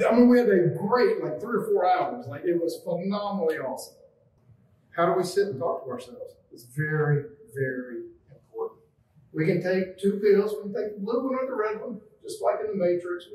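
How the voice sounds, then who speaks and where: A man with a slightly higher voice talks in a loose, rambling way with some casual swearing, as if giving a laid-back spiritual talk. The room is echoey and he sits some distance from the mic. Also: a little mellow. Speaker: spiritual group leader.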